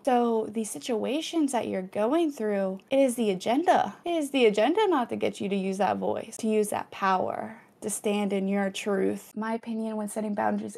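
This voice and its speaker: A woman with a warm, medium-pitched voice and some vocal fry hosts a spiritual channel, reading viewer comments in a casual chat. She's chatty and affirming, uses lots of fillers, and acts out little quoted exchanges to encourage her audience.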